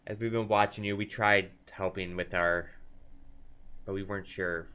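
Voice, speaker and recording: A man's voice: deep voice, fairly even intonation, normal speed, bright, forceful tone, smooth. A man voicing a smug female wereraven spy in a tabletop game.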